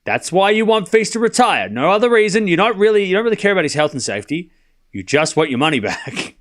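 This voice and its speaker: Lively man calling tennis for his chat. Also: high voice, fast talker. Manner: chatty, teasing, talks straight to his chat. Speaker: streamer doing a live tennis watchalong. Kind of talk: casual play-by-play commentary and chat replies.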